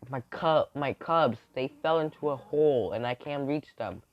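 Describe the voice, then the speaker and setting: A man's voice: medium pitch, moderate pace, muffled recording, pitched above the performer's own voice, close to an everyday voice. A man voicing a frantic mother bear who pleads for help with her cubs. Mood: panicked. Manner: pleading, breathless urgency.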